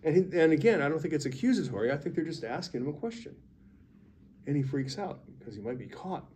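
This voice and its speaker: A man co-hosting a casual faith discussion, playful and quick to joke. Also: on the high side, expressive, dark tone, slight background noise. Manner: playful, jokes around. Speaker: co-host.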